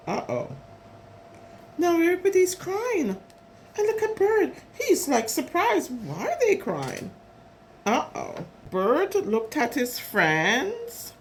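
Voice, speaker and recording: Reading a picture book aloud to preschoolers, a woman chats animatedly about the pictures as she goes. She speaks slowly in a high-pitched voice, with slight background noise.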